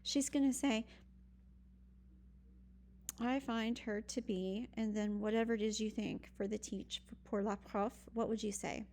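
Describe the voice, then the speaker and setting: A woman's voice: a little high, fairly even intonation, a little slow, long pauses, a little mellow, slight background noise. A woman teaching a recorded online French lesson, patient and explaining step by step with frequent ums. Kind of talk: recorded virtual lesson walkthrough.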